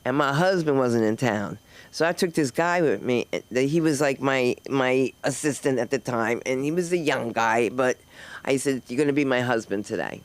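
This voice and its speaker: A woman's voice: extremely low pitch, normal speed. A middle-aged woman hosts a comedy open mic, wandering from one story to the next in a loose stand-up set. She acts out the people in her anecdotes as she goes. Her voice comes through a handheld mic on a club stage. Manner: loose, digressive storytelling, acting out quoted people. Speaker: stand-up comic and host.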